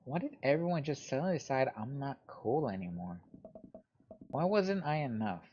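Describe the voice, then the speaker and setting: A man's voice: mid-range voice, expressive, normal speed, mellow, a little hiss or hum, close to an everyday voice. A man voicing an upset teenage girl who rambles and vents to her dad in an exasperated, gossipy way, on a dull lo-fi recording. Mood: hurt.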